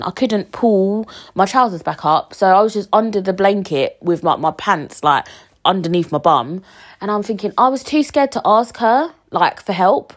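A woman's voice: fairly low pitch, a little mellow. A young woman, telling a story frankly to her viewers, full of fillers and swearing. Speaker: vlogger.

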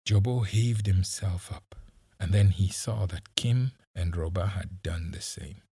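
A man reading a story aloud with measured, dramatic narration and a husky voice. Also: sits low, warm tone, no echo, clean studio sound. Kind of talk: audiobook narration.

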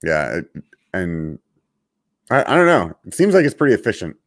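A man's voice: deep voice, sing-song, moderate pace, dry recording, studio quality. A man co-hosting a casual chat show, laid-back and saying dude a lot. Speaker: podcast co-host.

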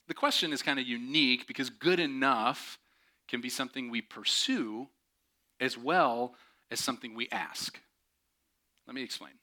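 A man in his thirties preaching a sermon, telling a story in an animated way and mimicking other people's voices. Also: medium pitch. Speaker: pastor.

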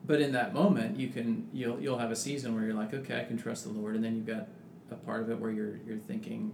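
A man's voice: medium pitch, flat delivery, fast talker, gravelly, few pauses. A man in casual religious discussion who talks thoughtfully with many restarts and reads scripture aloud. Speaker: podcast co-host. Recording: echoey room with background noise.

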